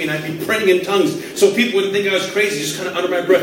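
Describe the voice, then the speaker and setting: A man preaching a sermon, telling a story with animated voices for his own prayers. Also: very high voice, fast talker, hardly any pauses, a little hiss or hum. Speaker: pastor. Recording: echoey hall from far off.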